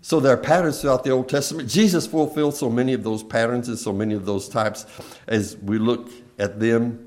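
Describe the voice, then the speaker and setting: Male preacher, mid-pitched, emphatic sermon delivery that swells and drops, plainspoken. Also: steady tone. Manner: slow and emphatic, swelling loud then dropping very soft; plainspoken storytelling of scripture.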